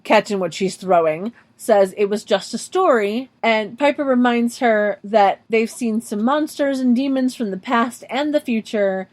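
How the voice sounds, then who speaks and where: A woman's voice: medium pitch, a little mellow. A woman co-hosting a podcast, recapping an episode step by step in casual chat with dry asides. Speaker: podcast co-host.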